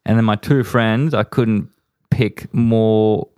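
A man's voice: on the low side, fairly even intonation, takes it slowly, a little mellow, clean tone, no echo, clean studio sound. Laid-back Australian man telling stories. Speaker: comedian guest. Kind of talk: casual storytelling chat. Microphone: studio mic.

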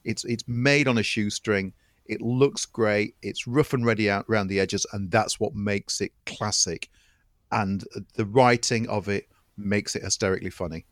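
Enthusiastic man with a low, dry voice. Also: normal speed, no room sound. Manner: enthusiastic, repeats words while building a point. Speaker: podcast co-host. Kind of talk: casual film chat.

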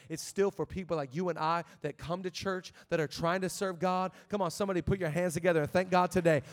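Male pastor, high tenor, fervent live preaching, swings from hushed to shouting. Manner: impassioned, rising to shouted call-and-response.

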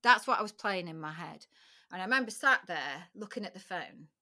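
A woman's voice: fairly low pitch, lively intonation, a little fast, sharp tone. A middle-aged woman, a podcast guest, recounting a personal story candidly and emotionally, with frequent restarts and occasional swearing.

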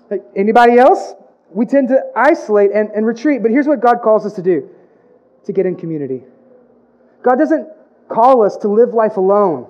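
A man's voice: high voice, expressive, normal speed, darkish tone. A male pastor preaching a sermon, emphatic and repetitive, with playful asides. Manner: emphatic preaching with comic put-on voices, repeated phrases. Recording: dull lo-fi sound.

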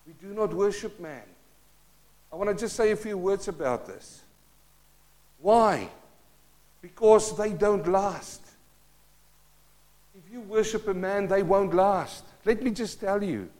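South African pastor, 50s, high voice, fervent preaching that drops to near-whispers. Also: male voice. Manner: impassioned, swinging between loud and hushed. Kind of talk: sermon.

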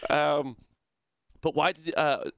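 A man co-hosts a live-streamed gaming show, ranting and swearing as he riffs. His voice sits fairly high. The sound is dry and close. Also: fairly even intonation, slow, a bit bright, clean tone, no echo. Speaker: podcast co-host. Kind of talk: casual chat on a live stream.

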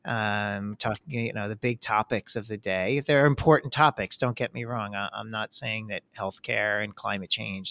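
Gravelly, animated male podcast co-host. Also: fairly low pitch. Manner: animated, many restarts, lively emphasis. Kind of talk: casual conversational podcast.

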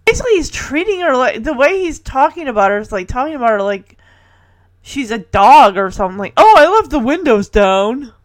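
A woman's voice: high-pitched, animated, brisk, dry recording. A woman in casual chat, retelling a sitcom episode with chatty, giggly asides and playful quoted lines. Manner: chatty, giggly, quoting characters in playful voices. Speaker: podcast host recapping a sitcom episode.

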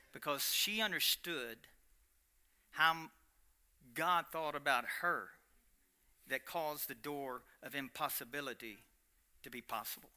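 A middle-aged man preaching a personal testimony in a storytelling sermon style, swinging between loud animated stretches and hushed quiet ones. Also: medium pitch.

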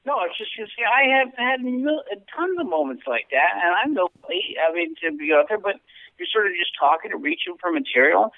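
A male comedian co-hosting a podcast who gets animated as he vents, his pitch leaping around. His voice comes through thin and phone-like. The sound is dry, with no room. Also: moderate pace, no echo. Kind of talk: casual chat. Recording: tinny phone-like line.

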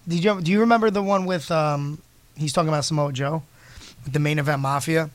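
A man co-hosting a casual talk show, excitable and laughing often. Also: a little high, a little fast, no room sound. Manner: excitable, laughs a lot, breaks into impressions. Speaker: co-host. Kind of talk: casual podcast chat.

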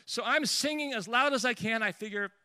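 A man preaching and telling a lively personal story, with restarts and asides along the way. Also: very high voice, a little fast, clear, resonant tone, no room sound. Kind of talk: storytelling sermon.

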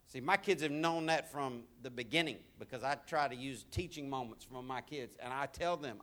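A man preaching a sermon, swinging between loud, emphatic exhortation and soft, intimate asides, with repeated phrases. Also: mid-range voice, normal speed, hardly any pauses.

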